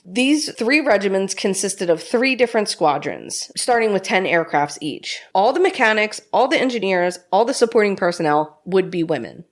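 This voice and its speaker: A woman's voice: mid-range voice, animated, normal speed, few pauses. A woman hosting a podcast, telling a history story in a chatty, swearing way with frequent laughs. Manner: chatty, swearing, laughs often, puts on mock voices.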